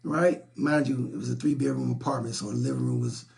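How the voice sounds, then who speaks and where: Blunt, gravelly-voiced man on a live stream. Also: mid-range voice, brisk, a little mellow. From South Side of Chicago, USA. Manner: blunt, preachy, repeats himself and stumbles over words. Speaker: relationship talk show host. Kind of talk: live-stream talk, reading and answering viewer comments.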